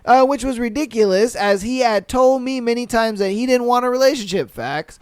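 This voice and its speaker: A young man hosting a podcast, reading listener stories aloud and reacting with blunt, profane, animated commentary. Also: very high-pitched, normal speed, clear, resonant tone, dry recording. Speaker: podcast host.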